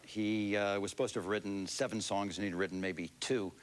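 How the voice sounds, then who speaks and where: Man recalling stories in a lowish voice. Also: brisk. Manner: relaxed anecdotal storytelling. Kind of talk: interview reminiscence.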